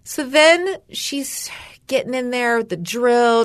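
A woman's voice: unhurried, clean tone. A young woman co-hosting a podcast, telling a story in casual chat and acting out what others said. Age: young adult. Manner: animated storyteller, acts out quotes with big pitch jumps. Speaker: podcast co-host.

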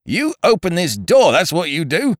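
A man's voice: on the high side, wildly swooping pitch, normal speed, no echo, studio quality, pitched above the performer's own voice. A man voicing a stern, stolid male police constable in a story reading, talking severely and bluntly.

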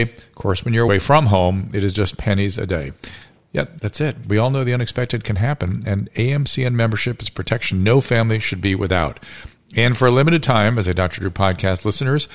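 A man hosting a podcast, chatting casually with his guest and reading an ad. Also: mid-range voice. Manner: chatty, quick back-channel replies. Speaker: podcast host. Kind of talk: casual interview chat.

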